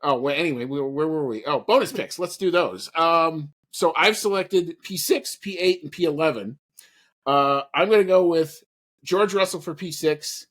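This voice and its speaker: Chatting casually as a podcast co-host, this man talks at a normal speed in a fairly high, fairly bright voice. He rambles, with plenty of fillers and restarts.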